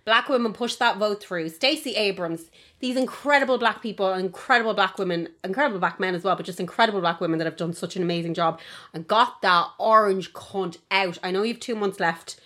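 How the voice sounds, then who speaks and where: A woman's voice: mid-range voice, fairly quick, a bit bright. A woman co-hosting a podcast, talking bluntly and heatedly with plenty of swearing. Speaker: podcast co-host. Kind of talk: casual chat.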